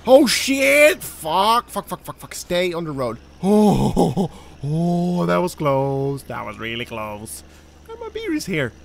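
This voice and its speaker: A young man hosting a let's play, talking through his game, excitable and quick to swear and yell at the characters. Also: fairly high pitch, creaky. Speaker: gaming channel host.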